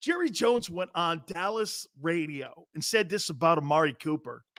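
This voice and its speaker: A man hosting a sports talk show in a brash, joking style, reading out chat and giving shout-outs. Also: on the high side, expressive, normal speed, no room sound, studio quality.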